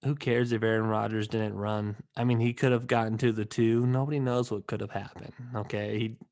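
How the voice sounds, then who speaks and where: A young man hosting his own podcast, rambling with fillers and restarts, tired and yawning, swinging between mournful mumbling and loud outbursts. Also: fairly low pitch, flat delivery, fairly quick. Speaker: podcast host. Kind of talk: casual solo podcast rant.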